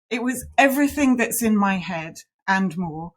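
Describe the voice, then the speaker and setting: A woman in her forties hosting an interview podcast, enthusiastic and quick to laugh in casual conversation. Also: medium pitch, animated. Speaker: podcast host.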